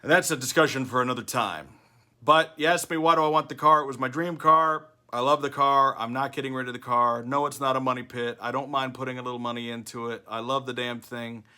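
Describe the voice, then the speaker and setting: Older male vlogger with a bright, forceful tone, chatty and animated. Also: medium pitch, brisk. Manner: chatty, animated storytelling with quoted voices. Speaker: vlogger host. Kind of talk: casual talking-head vlog.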